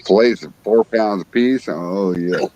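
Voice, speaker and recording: Low-voiced profane man telling stories. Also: measured pace, low-quality recording. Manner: enthusiastic, profane, animated storyteller. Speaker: guest. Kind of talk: casual chat, storytelling.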